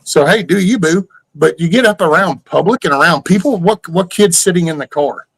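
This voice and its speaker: A man's voice: on the high side, brisk, no room sound, poor audio. An older man with a drawl, hosting a casual livestream and ranting in rambling, profane rhetorical questions. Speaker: livestream host.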